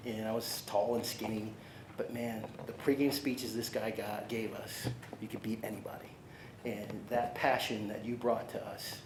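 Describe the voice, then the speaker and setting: A middle-aged man speaks at a podium, earnest and halting, stumbling over fillers and restarts. His voice rings through a large, echoey conference hall. Loud steady noise sits under the whole recording. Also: fairly low pitch. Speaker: new athletics director. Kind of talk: emotional press conference speech.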